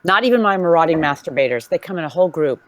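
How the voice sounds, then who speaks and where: A woman's voice: low-pitched, racing. A woman telling bawdy, joking stories in a casual group video chat, acting out quoted voices as she goes. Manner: bawdy, joking storyteller with lively put-on quotes. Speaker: hangout participant.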